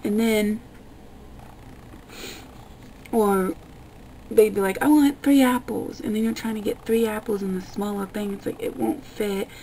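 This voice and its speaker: A young woman vlogging, ranting in an exasperated, profane way with a gravelly voice. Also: mid-range voice, level tone, moderate pace, a little mellow, slight background noise, rough recording. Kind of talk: casual ranting vlog.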